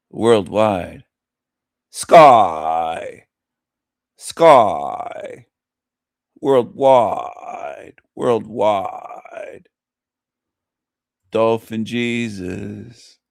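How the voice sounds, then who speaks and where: A man chats slowly on his livestream, with a low, gravelly voice. He keeps repeating phrases with gleeful mockery. The sound is close and dry, with no room echo. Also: darkish tone. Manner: repetitive, gleeful mocking. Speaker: livestream host. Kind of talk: casual livestream chat.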